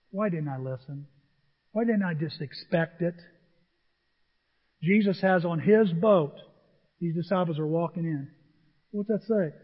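A pastor with a high, husky voice preaches with animated storytelling and acts out the voices of the people in his stories. Long reverb from a large hall and dull, muffled audio surround him. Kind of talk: sermon.

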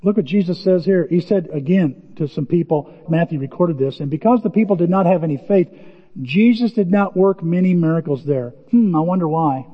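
An older man preaching a sermon as pastor, impassioned, with folksy asides and sudden shouts. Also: on the high side, brisk. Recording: dull distant sound with hall reverb.

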